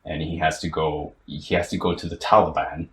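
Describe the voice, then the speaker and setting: A young man co-hosting a podcast, retelling a story in casual chat with lots of restarts and fillers. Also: a bass voice. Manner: animated, halting storyteller with many restarts. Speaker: podcast co-host. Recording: roomy, with faint ambient noise.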